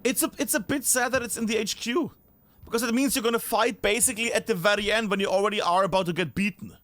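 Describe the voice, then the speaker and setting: A man's voice: sits high, fast talker, a bit bright, no room sound. A man streaming a game live, chatting and thinking aloud as he looks around a map, often breaking off mid-sentence.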